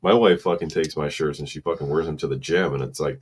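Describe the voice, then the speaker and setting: A man's voice: a bass voice, lively intonation, brisk, husky. A man co-hosting a casual podcast, blunt and contrary, swearing freely. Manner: crude, profane, blunt and contrary. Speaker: podcast co-host. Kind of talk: casual chat.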